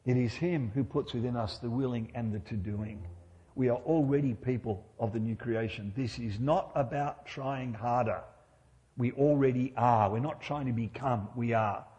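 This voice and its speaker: A man's voice: mid-range voice, normal speed, mellow, in a large hall, dull audio. A middle-aged man preaching a sermon in church, conversational and humorous, often asking his listeners rhetorical questions.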